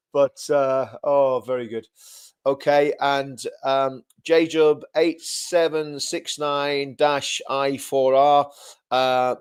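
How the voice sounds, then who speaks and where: A man's voice: medium pitch, clean tone. A man co-hosting a casual livestream chat, talkative and repetitive, often breaking into laughter. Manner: chatty, repeats himself, laughs often. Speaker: livestream co-host.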